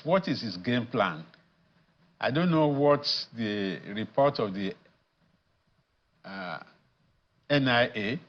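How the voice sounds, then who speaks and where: In a studio news interview, a Nigerian man addressed as professor speaks in a measured, deliberate way, pausing often and using fillers. His voice is mid-range, and the recording has its highs cut off.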